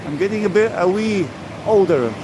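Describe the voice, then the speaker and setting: A man's voice: high voice, animated, normal speed, noisy background. A man in his sixties from England, live-streaming as he walks along a seaside promenade, chatting and greeting his viewers by name. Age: 60s. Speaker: vlogger live-streaming a walk. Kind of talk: casual chat to live viewers. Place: outdoors on a seaside promenade, walking.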